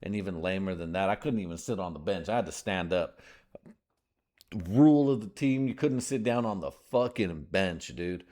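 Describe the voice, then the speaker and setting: Podcast host, man, 30s, lowish voice, loose profane rambler who laughs through his own jokes. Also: normal speed, darkish tone. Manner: rambling, joking, laughs often, swears a lot; breaks into put-on voices for bits. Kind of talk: crude casual monologue.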